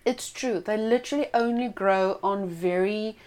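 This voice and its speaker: A woman's voice: mid-range voice, normal speed, a little mellow. A woman eagerly adding facts in casual chat, with fillers and restarts.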